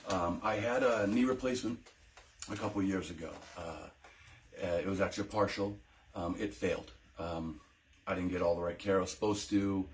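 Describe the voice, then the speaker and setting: Emotional, hesitant veteran man. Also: low voice. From United States. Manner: emotional, hesitant, many ums and restarts. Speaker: veteran telling his own story. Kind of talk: personal testimony vlog.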